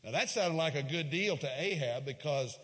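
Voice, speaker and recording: Animated preacher in a reverberant hall. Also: male voice, normal speed. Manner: storytelling preacher, swings between loud emphatic peaks and quiet low asides. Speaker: pastor. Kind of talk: sermon.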